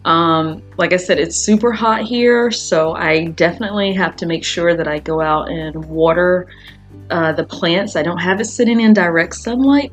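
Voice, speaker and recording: A woman hosting her own podcast, chatting casually and rambling, with frequent fillers and laughs. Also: lowish voice. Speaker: podcast host. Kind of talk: casual solo podcast chat.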